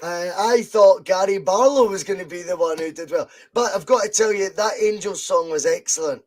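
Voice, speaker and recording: A man co-hosting a casual podcast chat, telling stories in an animated way and swearing freely. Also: high voice, normal speed. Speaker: podcast co-host.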